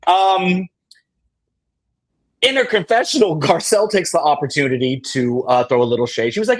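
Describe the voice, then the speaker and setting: A podcast host runs a casual recap in a fairly high-pitched voice at normal speed, leaving long pauses. He tells the story with animation, acting out quotes and laughing along.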